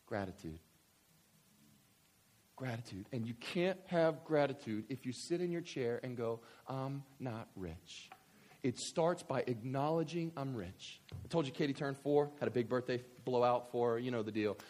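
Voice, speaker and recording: A middle-aged male pastor preaching a sermon in an animated, joking, conversational way. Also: medium pitch, moderate pace.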